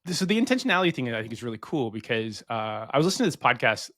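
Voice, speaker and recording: A man's voice: medium pitch, sing-song, very fast, a bit bright, no room sound, studio quality. A middle-aged American man co-hosting a podcast, rambling in casual chat and swearing freely. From United States. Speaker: podcast co-host.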